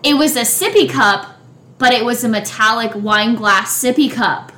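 A woman's voice: normal speed, sharp tone. A woman in casual chat, recapping a reality show with lots of filler words. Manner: gossipy recapping, heavy "like" fillers. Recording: echoey room, faint rumble.

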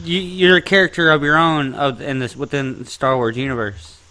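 A man's voice: fairly high pitch, steady tone, moderate pace, pushed and bright, clean tone. A man in casual chat, laid-back and agreeable, swearing easily as he talks.

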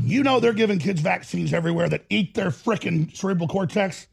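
Gravelly, husky ranting male host. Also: sits high, a little fast, faint music behind. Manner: erupts into shouting and growling. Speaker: talk show host. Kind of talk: heated talk show rant.

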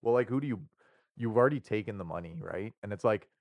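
A man's voice: on the low side, quick pace, no echo, muffled recording. A man co-hosting a podcast, telling profane, joking stories in casual chat and laughing often. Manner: profane, joking storyteller who laughs a lot. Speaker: podcast co-host.

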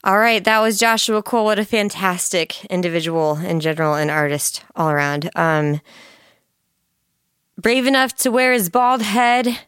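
Woman host, casual and teasing; smooth, crisp tone, dry room. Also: mid-range voice, normal speed, fairly bright tone, no echo. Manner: playful, teasing, laughs often. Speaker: podcast host. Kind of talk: casual interview chat.

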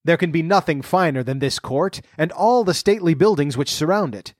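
A man's voice: on the high side, animated, brisk, no echo, clean studio sound, voice pushed up. A man doing a delighted genial old king. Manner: exclamatory and pleased.

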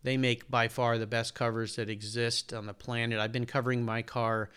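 A man's voice: medium pitch, flat delivery, normal speed, a bit bright, clean tone. A man in his sixties, a podcast host being interviewed, talking earnestly and at length in a casual way. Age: 60s. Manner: earnest, detailed, talks at length.

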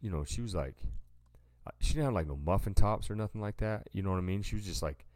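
Very deep-voiced man telling a story. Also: fast, darkish tone, dry recording, clean studio sound. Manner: laid-back, rambling, says "dude" a lot. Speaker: podcast co-host. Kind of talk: casual chat, storytelling.

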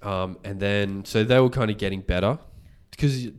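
A man, hosting a podcast and retelling a story in casual chat, animated and swearing freely. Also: lowish voice, normal speed, clear, resonant tone. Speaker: podcast host.

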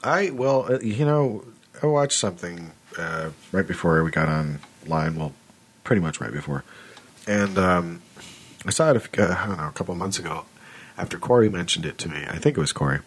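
Low raspy guy rambling on a podcast call, keeps restarting his sentences. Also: expressive, a little fast. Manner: rambling, self-interrupting, stumbling over words. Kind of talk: casual chat. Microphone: remote call.

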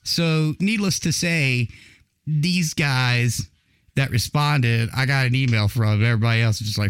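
A man's voice: medium pitch, a little slow, a bit bright, clear, resonant tone. A man hosting a podcast in casual chat, rambling and swearing through his stories. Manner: profane, rambling storyteller. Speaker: podcast host.

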